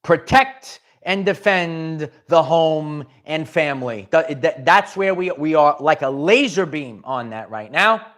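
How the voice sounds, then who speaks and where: A man's voice: fairly high pitch, animated, measured pace, few pauses, fairly bright tone. A man hosting a live spiritual pep talk, speaking emphatically, repeating phrases and restarting his sentences often. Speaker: spiritual channel host.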